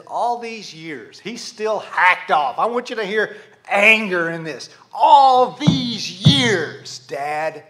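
A man preaching a sermon to a congregation, animated, asking rhetorical questions and speaking to them directly. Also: on the high side, creaky. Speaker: pastor.

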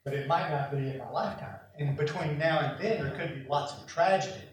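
A man preaching a sermon, telling a personal story with animated, self-mocking asides. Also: a little high, fairly quick, a little hiss or hum. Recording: echoey room from far off.

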